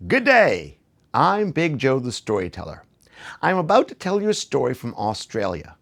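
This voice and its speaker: Lively gravelly children's storyteller man. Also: medium pitch, normal speed. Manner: playful, theatrical, talks to the audience.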